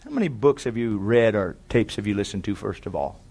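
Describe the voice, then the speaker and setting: A man preaching a sermon, swinging from loud, fervent exhortation to quiet, conversational storytelling and calling to the congregation for amens. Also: fairly low pitch, animated, brisk.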